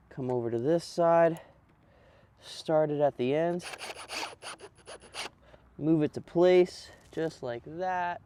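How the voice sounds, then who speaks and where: Talking into a handheld camera mic, a young man narrates a casual vlog outdoors on rural land while he builds, keeping it laid-back and slangy. His voice is medium-pitched and a little mellow, with slight background noise.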